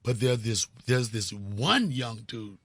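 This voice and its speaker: A man in his fifties from Washington, D.C., telling stories as a comedy guest in an animated, profane way. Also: medium pitch, slow pace, dry recording. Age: 50s. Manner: animated, profane, acts out scenes. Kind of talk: casual storytelling interview.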